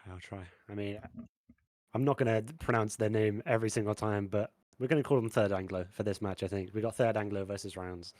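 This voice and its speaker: Easygoing esports co-caster. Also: male voice, on the low side, fairly even intonation, fairly quick, darkish tone, dry recording. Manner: easygoing, hesitant, filler-heavy. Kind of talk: live esports commentary.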